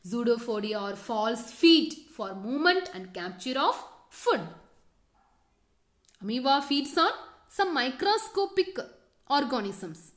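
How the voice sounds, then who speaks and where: A woman teacher with a fairly high voice leads a science lesson. She repeats her questions and key words, fills the gaps with "okay," and keeps telling students what to underline and draw. The sound is echoey, as if recorded in a roomy space. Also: very animated, takes it slowly. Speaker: school teacher.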